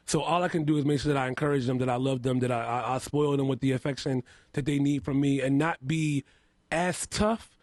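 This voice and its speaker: A man being interviewed on a radio show in a studio, telling stories about his work with lively energy and acting out what people said. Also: mid-range voice, fairly quick, no echo. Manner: animated storyteller, acts out quotes loudly. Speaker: makeup artist and house mother, guest.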